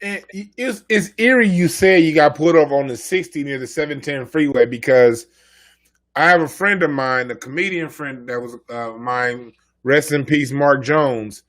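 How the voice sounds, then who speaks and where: A man hosting a casual chat, relaxed and a little halting as he speaks. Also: fairly high pitch.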